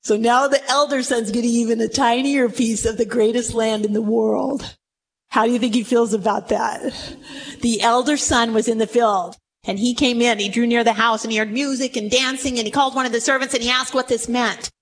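High-voiced woman preaching with animated storytelling. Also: brisk, slight background noise. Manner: animated storytelling, acting out quotes. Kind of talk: sermon.

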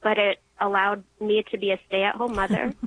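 A young woman calling in to share an emotional personal testimony, earnest and halting, restarting when moved. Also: medium pitch, fairly even intonation, a bit bright, no room sound. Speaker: caller. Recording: muffled phone line.

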